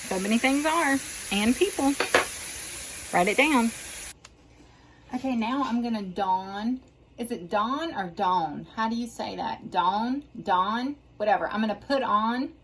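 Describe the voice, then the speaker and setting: A woman, chatting folksily to viewers while she cooks in her home kitchen. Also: on the high side. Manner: chatty, folksy, jokes with herself. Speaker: home cooking video host. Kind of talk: casual cooking vlog chat. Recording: noisy kitchen with frying sizzle. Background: frying and sizzling food.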